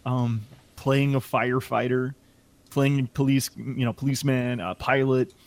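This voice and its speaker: A man's voice: medium pitch, level tone, measured pace. A man in radio chatting casually and enthusiastically, often stumbling over repeated words as he starts sentences. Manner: enthusiastic, stammering restarts. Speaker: radio presenter. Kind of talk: casual chat.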